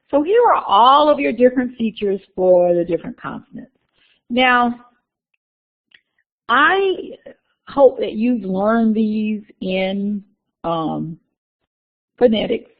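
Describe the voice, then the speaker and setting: A woman's voice: mid-range voice, gravelly. A woman lecturer explaining course material to her class in a classroom, with frequent "uh" fillers and small restarts. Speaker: university lecturer. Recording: phone-like lecture recording.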